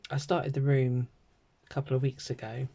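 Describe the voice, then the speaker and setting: Croaky British woman chatting while crafting. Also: a bass voice, flat delivery, moderate pace, warm tone. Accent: British English. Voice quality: croaky throat. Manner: chatty and rambling, many ums and asides. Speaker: craft vlogger. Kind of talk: casual chat while stamping and colouring.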